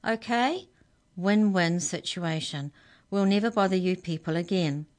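A desperate, scheming girl from a storybook pleads in an anxious, rising voice, voiced by a woman. She speaks higher and louder than the narration, trying to talk her way out of trouble. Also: unhurried, natural voice. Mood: pleading.

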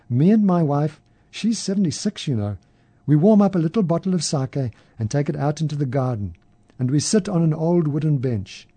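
A man voicing a cheerful, chatty tiny old Japanese gentleman in his seventies in a storybook reading. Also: on the high side. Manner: easy, beaming, chatty.

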